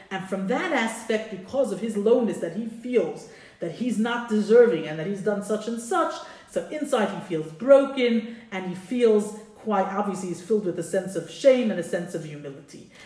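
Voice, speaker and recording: A woman gives a Torah lesson, reading Hebrew passages and explaining them in plain, informal English. Her voice sits at an ordinary pitch and carries a roomy echo. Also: a little mellow. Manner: reads Hebrew lines then translates, informal asides. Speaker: Torah teacher. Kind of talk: text-based Torah class.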